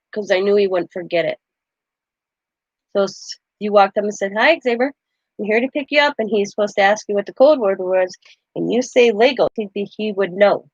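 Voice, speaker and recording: A woman's voice: medium pitch, darkish tone, no echo, dull audio. A middle-aged woman hosting a crafting channel, chatting casually and animatedly as she tells a story, laughing as she goes.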